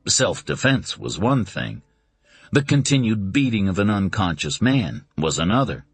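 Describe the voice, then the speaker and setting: A man narrating a suspense novel in a deliberate, dramatic reading. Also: on the low side, sing-song, breathy edge, no echo, faint music behind. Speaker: audiobook narrator.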